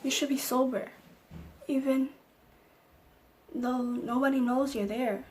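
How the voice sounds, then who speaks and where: A woman's voice: high voice, fairly even intonation, slow, darkish tone. A young woman vlogger telling an emotional personal story, acting out the lines of the people in it. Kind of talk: storytime vlog.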